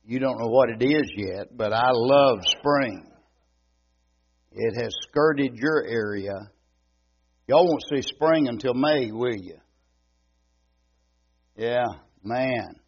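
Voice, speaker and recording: A man's voice: medium pitch, muffled recording, slight background noise. An older man with an East Texas Southern accent, preaching a folksy, joking sermon as a visiting preacher. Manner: homey, joking, unhurried drawl. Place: church sanctuary.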